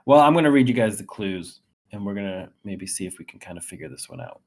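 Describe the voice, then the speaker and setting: A man's voice: low voice, big pitch swings, quick pace, vocal fry. A man hosting a casual call-in radio show, chatting in a rambling, upbeat way and reading things aloud. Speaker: host.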